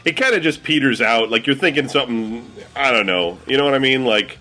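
A man hosting a loose podcast conversation with friends, cursing casually and cracking up. His voice swings up and down a lot, and he talks at a middling pitch. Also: a little fast. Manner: laughing, crude, animated. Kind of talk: casual chat.

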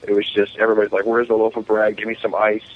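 A man's voice: on the low side, rapid-fire. A man telling long, profane party stories in a casual chat among friends, acting out the other people's lines. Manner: profane, rambling anecdotes with animated quoted voices. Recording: muffled lo-fi recording with faint hiss.

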